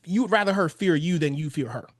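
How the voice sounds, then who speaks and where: A man's voice: on the high side, lively intonation, a little fast, dry recording, studio quality. A man in his thirties, a relationship coach giving blunt, casual advice on a podcast and swearing freely. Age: 30s.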